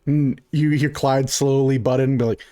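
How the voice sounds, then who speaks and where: A man's voice: mid-range voice, fairly even intonation, moderate pace, dark tone. A man narrating a tabletop game as game master, casual and chatty, storytelling with lots of "she goes".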